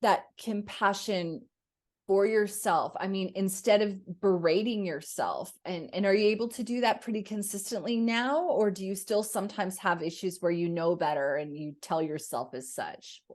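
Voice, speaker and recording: A woman's voice: mid-range voice, normal speed, a little mellow. A woman hosting a podcast, chatting reflectively and asking her guest questions, with plenty of fillers. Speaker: podcast host. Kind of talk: conversational interview.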